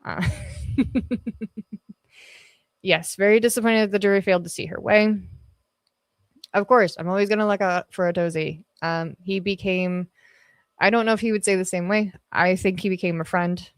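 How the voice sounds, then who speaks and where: A woman's voice: medium pitch, steady tone, moderate pace, long pauses, clean tone, no room sound. Casual swearing woman streamer on a dry mic. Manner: chatty, swears freely, laughs often, trails off with ums. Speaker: livestream host. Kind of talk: casual livestream chat reading comments. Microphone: podcast dynamic mic on an arm.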